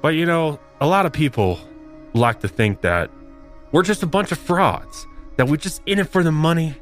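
A man's voice: a little high, animated, moderate pace, faint music behind. A man hosting a comedy podcast, telling a paranormal story with mock-dramatic flair. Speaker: podcast host.

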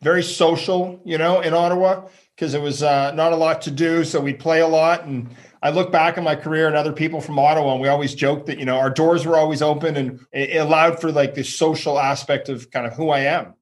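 A man from Canada, a professional fan entertainer, telling animated stories in an interview, acting out quotes and laughing often. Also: on the high side, brisk, few pauses.

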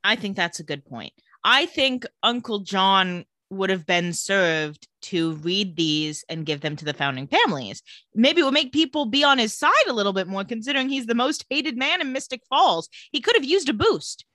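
Bright, lively young woman podcaster. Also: mid-range voice, normal speed, no echo. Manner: chatty, playful, laughs easily. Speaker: podcast co-host. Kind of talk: casual chat recapping a TV episode.

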